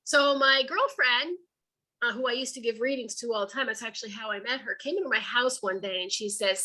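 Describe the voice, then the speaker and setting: A woman speaks to an online audience over a video call and spins her stories in a lively, colloquial way. Her voice sits a little high and sounds bright and forceful, and she acts out each quoted line. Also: a little fast, poor audio. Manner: lively, chatty storytelling that acts out quoted dialogue; colloquial, folksy phrasing. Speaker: author and speaker. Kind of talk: storytelling talk to an online audience.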